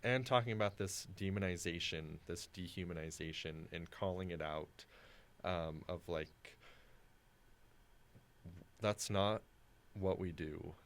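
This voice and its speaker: A young man co-hosting a casual discussion podcast, his voice very deep and low. He thinks aloud in a halting way, filling gaps with "um" and "you know". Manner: thoughtful, halting, with many "um"s. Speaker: co-host.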